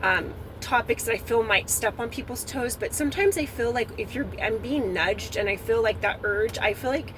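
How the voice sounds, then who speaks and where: A woman's voice: on the high side, normal speed, hardly any pauses. A woman in her thirties, a stay-at-home mom, talking earnestly to her viewers about faith. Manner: earnest, heartfelt, encouraging. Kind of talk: casual faith talk to camera. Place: car while driving, then at home. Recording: road and car noise behind.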